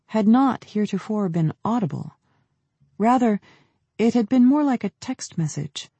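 A man narrating an audiobook in a measured, descriptive storytelling manner. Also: on the high side, vocal fry, mellow, husky, dry recording. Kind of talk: scripted narration.

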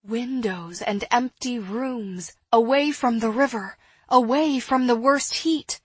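A woman's voice: on the high side, takes it slowly, breathy edge, no echo. Woman reading as an earnest young helper. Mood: eager.

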